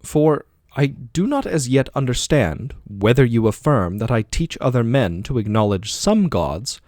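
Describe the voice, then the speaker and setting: A man's voice: lowish voice, a little mellow, no room sound, clean studio sound, natural voice. A man reading the part of an aging male philosopher defending himself in court, with probing, rhetorical questioning. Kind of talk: audiobook dialogue reading.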